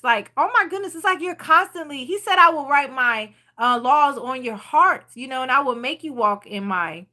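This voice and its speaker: A woman with a high, bright voice talks casually to her viewers about faith. She rambles freely and stops to read out their comments. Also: lively intonation, normal speed, hardly any pauses. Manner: chatty and rambling, reading viewer comments aloud. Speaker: channel host leading a Bible study.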